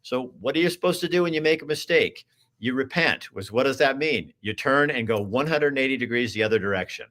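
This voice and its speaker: A man's voice: medium pitch, expressive, fairly quick, fairly bright tone. Emphatic talk-show host man. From Oregon. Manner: emphatic, preachy, repetitive restarts. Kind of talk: political talk show, reading viewer comments.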